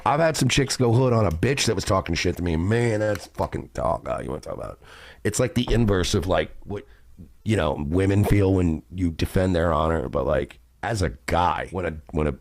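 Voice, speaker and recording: A man's voice: low voice, expressive, a little fast, no echo. A male podcast host in a crude, rambling monologue full of swearing, acting out what other people say. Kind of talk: casual monologue.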